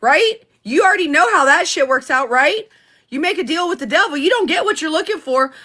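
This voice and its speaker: A woman's voice: sits high, expressive, pushed and bright. A woman vlogger delivering a heated, profane live rant on politics. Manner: heated, profane, fast-talking.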